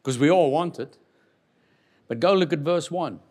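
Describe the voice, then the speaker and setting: Lively preaching man, fairly high voice. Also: moderate pace. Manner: animated, jokes with congregation, swings from loud to quiet. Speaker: pastor. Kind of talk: lively sermon.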